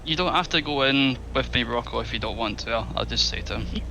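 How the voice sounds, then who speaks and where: A man's voice: mid-range voice, brisk, creaky, sharp tone, low-quality recording. A man playing in a tabletop game, hesitant and casual, often restarting his sentences. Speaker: player.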